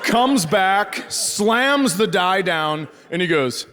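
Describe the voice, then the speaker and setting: A man's voice: high-pitched, takes it slowly. A middle-aged man from northern Minnesota telling stand-up stories on stage, acting out the voices in his stories and punching the lines hard. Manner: animated storyteller, acts out voices, shouts punchlines. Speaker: stand-up comedian. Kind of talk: stand-up comedy storytelling. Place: large theater stage with laughing audience. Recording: live hall reverb with crowd laughter.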